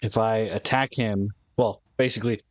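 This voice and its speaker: A man's voice: fairly low pitch, fairly even intonation, normal speed, no echo. A man taking his turn as a player in a tabletop game, hesitantly describing his character's actions in first person.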